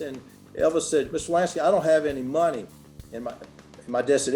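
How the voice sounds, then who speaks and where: A man's voice: mid-range voice, a little fast, dark tone, soft background music. Folksy older man storyteller. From Memphis, Tennessee. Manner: folksy, chatty, many fillers and restarts. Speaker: guest clothier. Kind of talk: casual storytelling interview.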